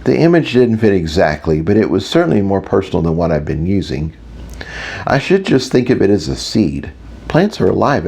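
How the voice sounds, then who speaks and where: A man with a very low, deep voice narrates a first-person audiobook. His delivery is wry and self-mocking, like someone talking through his own thoughts. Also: vocal fry, a little mellow, breathy edge.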